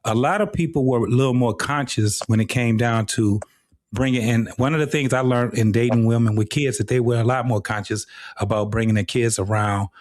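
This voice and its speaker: A man's voice: lowish voice, darkish tone, no echo, studio quality. A middle-aged man hosting a live talk show, speaking bluntly and casually with frequent profanity. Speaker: host.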